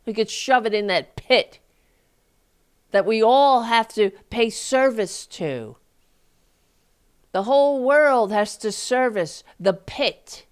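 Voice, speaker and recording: A woman's voice: expressive, slow, long pauses, smooth. A woman hosting a live talk show, ranting angrily with profanity and sarcastic mocking asides into a desk microphone. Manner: heated, profane, sarcastic, voice jumping high in mockery. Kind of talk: angry political rant on a live show.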